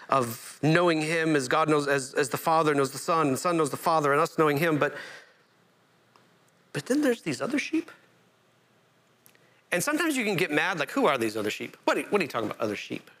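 A man preaching a sermon as pastor, animated and self-interrupting, climbing to emphatic peaks. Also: a little high.

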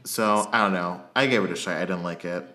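Bright-voiced man giving blunt opinions. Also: sits low, a little fast. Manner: frank, hesitant restarts, blunt verdicts. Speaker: podcast co-host. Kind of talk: casual chat reviewing a reality show.

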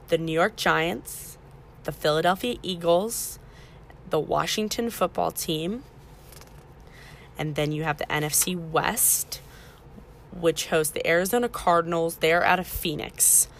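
A woman hosting a casual podcast, explaining things step by step to newcomers in a chatty, self-correcting way. Her voice sits low with a gravelly edge. A faint hiss of noise sits under the recording. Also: a bit bright. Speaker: podcast host.

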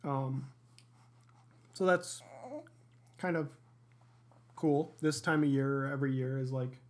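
A man's voice: mid-range voice, steady tone, slow. Easygoing joking man at home. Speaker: podcast co-host. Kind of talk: casual chat.

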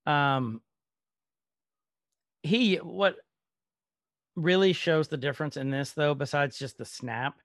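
Animated man on a dry mic. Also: fairly high pitch, slow pace, pauses often, no room sound. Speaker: podcast co-host. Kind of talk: casual chat.

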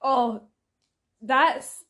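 A woman's voice: high-pitched, very slow, fairly bright tone. A Scottish woman co-hosting a podcast in casual chat, brash and teasing, swearing freely and cutting in often. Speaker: podcast co-host.

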